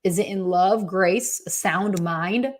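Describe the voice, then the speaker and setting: A woman giving a casual motivational talk, telling a personal story with lively quoted asides. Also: mid-range voice, slow pace. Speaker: motivational speaker.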